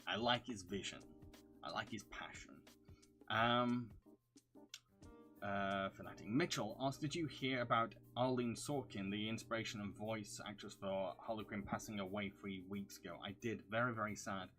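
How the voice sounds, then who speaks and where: A man's voice: fairly low pitch, fairly even intonation, normal speed, pushed and bright, soft background music. A young man from the north of England, a video reviewer chatting casually through viewer questions on a livestream, rambling and humming filler syllables between them.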